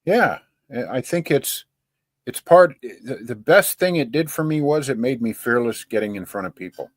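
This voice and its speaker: A man in his sixties co-hosting a podcast in casual chat, lively and a little hammy, teasing his co-host. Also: mid-range voice, normal speed, no echo, studio quality. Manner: lively, self-described ham, teasing.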